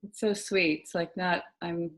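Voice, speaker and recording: A woman facilitating a self-inquiry session, asking guiding questions calmly and murmuring as she listens. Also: on the low side. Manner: calm and unhurried, with frequent soft "mm" listening sounds.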